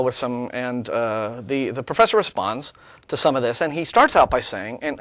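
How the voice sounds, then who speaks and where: A man's voice: mid-range voice, fairly bright tone, no room sound. A man co-hosting a talk show, reading out an email and tearing it apart with sarcasm, often restarting his sentences. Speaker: co-host. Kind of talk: casual chat, reading and rebutting an email.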